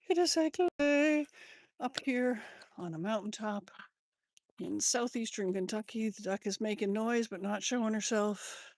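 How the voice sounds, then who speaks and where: A woman's voice: fairly high pitch, dry recording. A woman chatting on a live stream outdoors in a sunny yard, greeting viewers by name, on a handheld phone. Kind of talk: casual live-stream chat.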